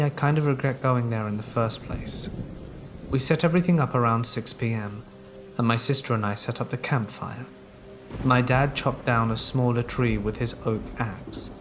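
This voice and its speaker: A man narrating first-person horror stories in a calm, measured storytelling voice. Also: medium pitch. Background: steady rain sounds.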